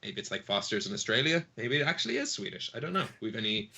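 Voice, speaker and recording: Bright-voiced game master. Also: male voice, mid-range voice, sing-song, fast, vocal fry. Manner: playful, rambling, laughs often. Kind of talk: narrating a tabletop game.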